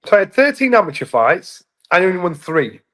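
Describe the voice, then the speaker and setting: Animated English former boxer telling stories. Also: male voice, a little fast. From England. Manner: animated, acts out voices in anecdotes with rising pitch. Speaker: interview guest, former boxing world champion. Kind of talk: casual storytelling in a sit-down interview.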